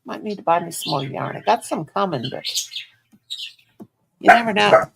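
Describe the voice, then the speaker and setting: A woman's voice: mid-range voice, expressive, moderate pace, creaky, very noisy. A woman chatting casually at home on her livestream, talking to herself and cooing at her pets in baby talk. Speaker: livestream host.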